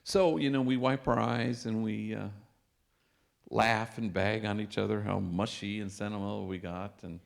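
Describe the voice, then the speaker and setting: Priest, 50s, slightly gravelly voice, easygoing storyteller at a lecture. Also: male voice, on the low side, fairly even intonation, moderate pace. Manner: warm anecdotal storytelling with Spanish phrases. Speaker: priest and speaker. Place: lecture hall.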